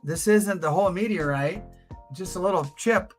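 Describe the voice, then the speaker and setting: A man's voice: high voice, normal speed, soft background music, rough recording. An older man hosting a live coin auction stream, joking and chuckling between bids. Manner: joking, chuckling, teasing asides. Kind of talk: casual live auction patter.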